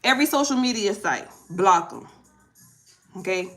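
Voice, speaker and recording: A woman giving a casual tarot reading, emphatic and preachy, arguing her points out loud. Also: mid-range voice, expressive, normal speed, faint music behind. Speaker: tarot reader.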